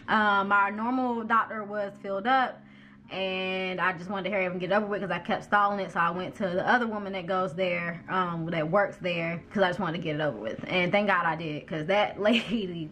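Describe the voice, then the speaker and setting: A young woman telling a personal story to her viewers in a chatty, animated way, acting out the voices of the people in it. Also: medium pitch. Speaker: vlogger. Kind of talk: candid storytelling to camera.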